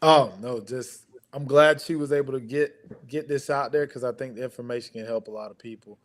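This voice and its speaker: A man's voice: mid-range voice, brisk. A man speaking as a podcast guest, earnest and supportive in a casual chat. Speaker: guest, instructor and coach.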